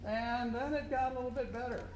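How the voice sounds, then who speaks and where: A man's voice: very high voice, fairly even intonation, brisk, a little mellow. A man working as a contest judge, coaching a student band and singing rhythms aloud to show them. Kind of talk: instructional clinic to a student band. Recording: echoey room with faint noise.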